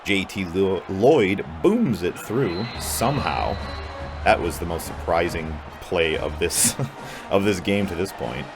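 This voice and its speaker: A young man with a deep, low voice narrates his own video game match in casual play-by-play. He sounds sarcastic and exasperated, and he curses freely at his players. Game music plays clearly behind him. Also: lively intonation, slow pace. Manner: frustrated, swears a lot, sarcastic, prone to angry outbursts.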